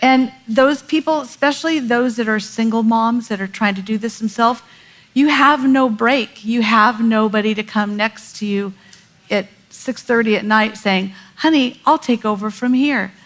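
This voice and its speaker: A middle-aged woman telling a parenting story in casual chat, animated and laughing often as she acts out quotes. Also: on the high side, moderate pace, low-quality recording.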